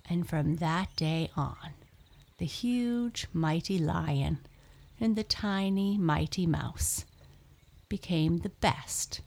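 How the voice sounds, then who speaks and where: Slow, gravelly bedtime storyteller woman. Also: deep voice, darkish tone. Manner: slow, soothing, lilting.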